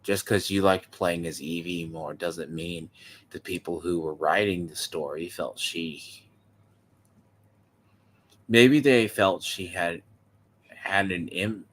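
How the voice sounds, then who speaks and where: A man's voice: sits low, takes it slowly, pauses often, a bit bright. A man hosting a reaction video, giving opinionated casual commentary and checking that his friend agrees. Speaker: video host reacting to a clip.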